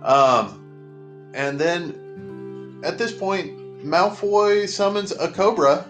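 A man's voice: high voice, very slow, a bit bright, soft background music. A man hosting a casual comedic movie recap with sarcastic joking asides. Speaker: podcast host recapping a movie.

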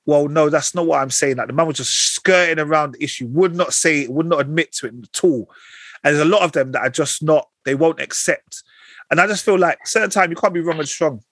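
A man in a fast, animated casual chat, using street slang. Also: fairly high pitch, slightly rough, no room sound.

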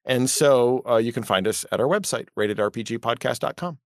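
A man with a mid-range voice speaks briskly in a dry recording. He runs a tabletop game and, as a podcast guest, chats casually, cracking dry jokes with lively intonation.

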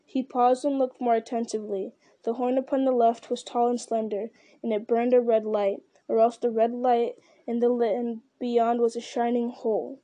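A woman reads a long story aloud in a mellow, even voice that stays fairly flat. Her pitch sits a little high, and she now and then backs up to restart a phrase. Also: normal speed, hardly any pauses. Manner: steady, with occasional restarts. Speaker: reader. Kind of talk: storybook reading.

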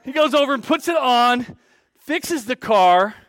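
A man preaching, telling a story with big swings between loud and soft and acting out the voices of the people in it. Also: very high voice, animated, unhurried, slight background noise. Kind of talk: storytelling sermon.

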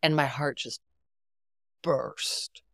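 A woman's voice: extremely low pitch, fairly even intonation, extremely slow, no echo, clean studio sound. A middle-aged woman guest on a podcast, telling stories expressively and acting out quoted dialogue. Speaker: guest, therapist. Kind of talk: podcast conversation.

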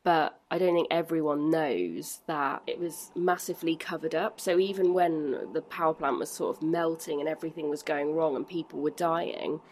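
Low-voiced woman, chatty podcast host, acts out little quotes. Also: moderate pace, hardly any pauses, a little mellow, a little hiss or hum. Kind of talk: casual chat.

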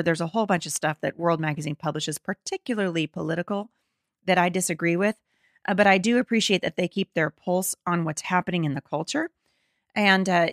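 This middle-aged podcast host has a fairly low-pitched voice. She reads an article aloud, then weighs in with indignant emphasis, often restarting mid-sentence. The studio-quality audio has no echo.

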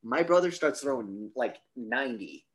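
A man's voice: medium pitch, normal speed. A man co-hosting a podcast, telling a long story in casual chat, swearing freely and acting out the people in it. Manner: animated, swears freely, acts out quoted voices. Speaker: podcast co-host.

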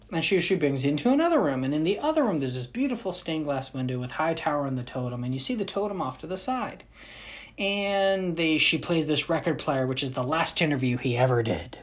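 A woman hosting a podcast, telling a story in a casual, animated, jokey way full of asides. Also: deep voice, brisk.

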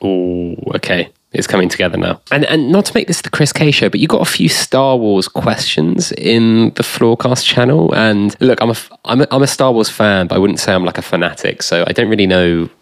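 A man hosting a casual podcast, relaxed and jokey, drawing out his phrases. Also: on the low side, brisk, vocal fry, hardly any pauses, no echo. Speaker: podcast host.

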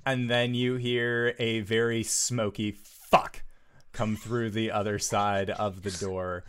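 Slow, low-voiced male game master. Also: little pitch movement, fairly bright tone, clean tone. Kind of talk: narrating a tabletop game.

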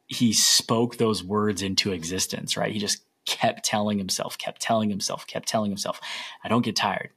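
A man's voice: fairly low pitch, sharp tone, slightly rough. A young man hosting a solo podcast, telling stories in an earnest, rambling way. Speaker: podcast host.

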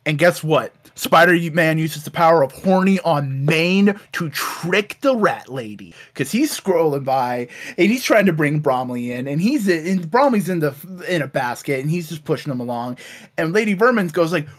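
A man's voice: on the high side, lively intonation, moderate pace. A man co-hosting a casual chat, animatedly retelling a cartoon with lots of swearing. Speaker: podcast co-host.

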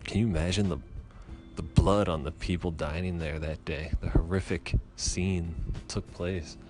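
A man's voice: deep voice, fairly even intonation, normal speed, a little mellow, soft background music. A man telling a rambling, profane comic story with chatty asides.

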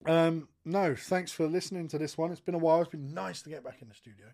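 Blunt, sweary podcast host. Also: male voice, a little high, fast. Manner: blunt, sweary, animated banter. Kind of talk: casual chat. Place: studio.

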